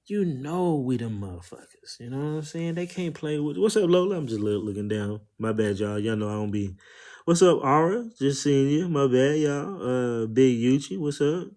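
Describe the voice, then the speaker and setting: A man's voice: mid-range voice, normal speed, hardly any pauses, mellow. A man, talking casually and rambling on a live stream, swearing, using slang and greeting his viewers.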